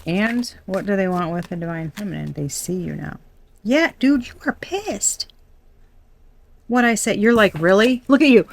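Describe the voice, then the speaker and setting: A woman's voice: medium pitch, lively intonation, moderate pace, creaky, dry recording. A young adult woman doing a casual tarot reading, chatty and blunt, swearing and laughing often. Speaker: tarot reader.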